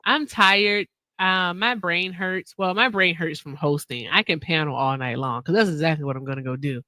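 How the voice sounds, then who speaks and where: A woman's voice: fairly low pitch, normal speed, pushed and bright, dry recording, clean studio sound. A woman hosting a casual livestream chat, blunt and emphatic, repeating her points. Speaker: livestream host.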